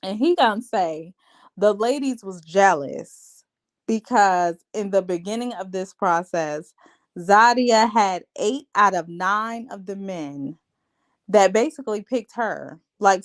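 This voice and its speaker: A woman's voice: medium pitch, animated, unhurried. A woman hosting a reality TV recap in a casual, sassy, blunt rant. She talks straight to her viewers and calls them babe and child.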